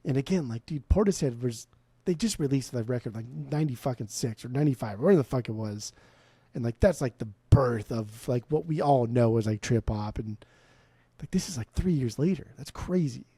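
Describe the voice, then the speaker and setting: A man's voice: medium pitch, lively intonation, normal speed, dark tone, slightly rough, dry recording. An American man co-hosting a music podcast, talking casually in a rambling, profane, jokey way. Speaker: podcast co-host. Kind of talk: casual chat about music.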